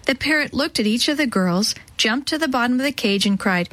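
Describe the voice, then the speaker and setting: Woman reading a children's story, slightly high voice, expressive, dry close sound. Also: fairly quick, dry recording, low-quality recording. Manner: gentle, expressive, voices each character.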